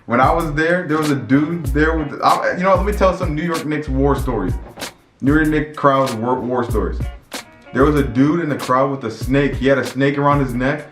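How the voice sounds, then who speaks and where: A man vlogging in a casual, storytelling way, excitable and rambling, with many restarts and repeated words. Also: mid-range voice, normal speed. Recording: echoey room with faint music.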